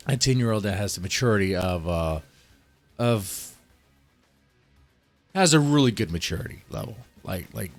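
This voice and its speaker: A man who works as a child protective services caseworker casually walks through how he questions children, thinking aloud one step at a time. His voice sits low.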